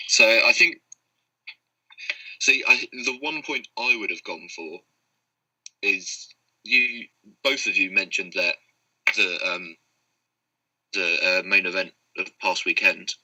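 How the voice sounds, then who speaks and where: Lowish, very bright male podcast host, jokey. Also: slow, long pauses, rough recording. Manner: laughs often, loose and joking. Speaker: podcast host and debate moderator. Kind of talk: casual chat.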